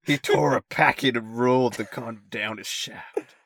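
A man's voice: medium pitch, normal speed, a bit bright, husky, no echo, studio quality. A man co-hosting a comedy podcast, reading erotica aloud in a plain voice. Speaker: podcast co-host.

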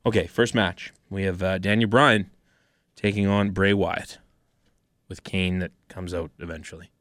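A young man co-hosting a casual chat, recapping events in a plain, steady run-down. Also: low-pitched, unhurried, no room sound, studio quality. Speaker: podcast co-host.

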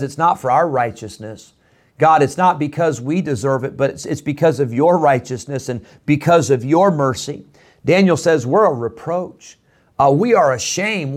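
Earnest preacher man pleading. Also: fairly high pitch. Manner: earnest, pleading, emphatic repetition. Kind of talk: radio sermon.

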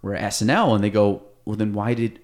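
A man hosting a casual podcast chat in a studio, retelling stories in an animated way with many restarts and quoted lines. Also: lowish voice, a little fast. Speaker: podcast host.

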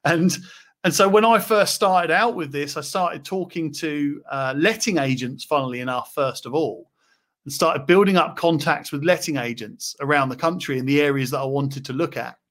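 A man's voice: fairly high pitch, normal speed. A man hosting a live property chat, talking casually with many fillers. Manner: chatty, relaxed, many fillers. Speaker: property investor and host.

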